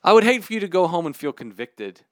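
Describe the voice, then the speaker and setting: A man preaching a sermon in an emphatic, candid, animated way. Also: sits high, quick pace, dry recording, clean studio sound.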